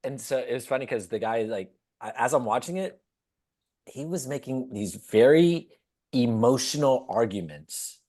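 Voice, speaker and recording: A man co-hosting a podcast, telling stories casually, laughing often and acting out quotes. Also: normal speed. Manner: animated storyteller, acts out quotes in high squeaky voices, laughs often. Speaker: podcast co-host.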